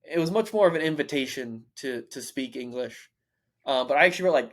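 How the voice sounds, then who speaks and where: A young man co-hosting a casual book podcast, thinking out loud with many fillers and restarts. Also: mid-range voice, normal speed. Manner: rambling, stream of consciousness, many fillers and restarts. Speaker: podcast co-host.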